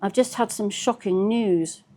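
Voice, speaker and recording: A worried psychotherapist asks anxious, earnest questions, as a woman reading aloud voices her. Her voice is mellow and dark-toned, at a middling pitch. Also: measured pace, lightly acted. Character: worried female psychotherapist on the phone.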